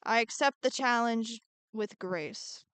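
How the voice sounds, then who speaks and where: A woman's voice: fairly high pitch, slow, a bit bright, smooth, no echo. A woman streaming as she draws, chatting in a bubbly way, answering her chat and muttering to herself as she works. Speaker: art streamer. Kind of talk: casual live-stream chat while drawing.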